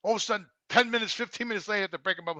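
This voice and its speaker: A man's voice: high voice, rapid-fire, pushed and bright, no room sound. A man co-hosting a podcast who tells stories in casual chat, swearing constantly and acting out the people he quotes. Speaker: co-host. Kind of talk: casual storytelling.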